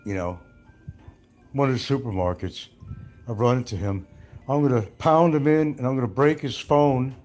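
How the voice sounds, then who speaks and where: A man's voice: medium pitch, moderate pace, long pauses, darkish tone, soft background music. A man hosting a livestream, rambling in a brash, taunting, trash-talking way. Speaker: livestream host.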